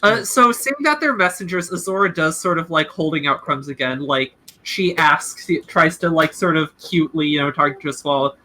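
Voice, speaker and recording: A woman with a low-pitched, pushed and bright voice speaks at a normal speed with lively intonation. She's playing a tabletop role-playing game with friends, chatting casually with many "likes" and talking eagerly about birds.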